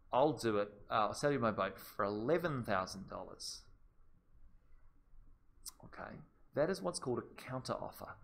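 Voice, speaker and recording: A man teaching a business law class with an easy, chatty delivery at an ordinary middle pitch. He talks straight to the students and goes back over the key points. A faint hum of room noise sits behind him. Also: a bit bright. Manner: chatty, conversational, repeats key points, addresses students directly. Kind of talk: live seminar lecture.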